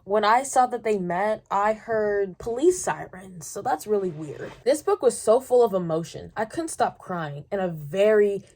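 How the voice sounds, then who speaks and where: A young woman in a casual book-review vlog, reading reviews aloud and answering them with sarcastic, animated reactions. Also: medium pitch, normal speed, hardly any pauses. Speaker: booktuber reviewing romance novels.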